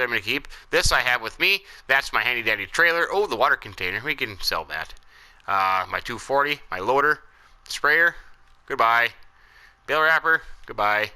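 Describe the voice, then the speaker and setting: Male gaming host, folksy self-talk, very bright tone, lively pitch, casual play-by-play. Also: poor audio. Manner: folksy, talks to himself while playing. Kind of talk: casual gameplay commentary.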